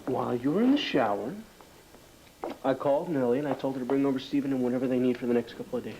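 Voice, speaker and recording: A man's voice: mid-range voice, racing, background noise, lightly acted. An actor playing a playful, eager young man in love in a soap opera. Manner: playful, teasing.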